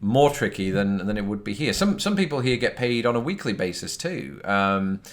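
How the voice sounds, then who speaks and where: A British man with a slightly low voice talks casually to camera, answering viewer questions. He rambles, pokes fun at himself and fills pauses with ums and uhs. The sound comes from a phone mic. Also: big pitch swings. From Britain. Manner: rambling and self-deprecating, with many fillers. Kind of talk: casual chat.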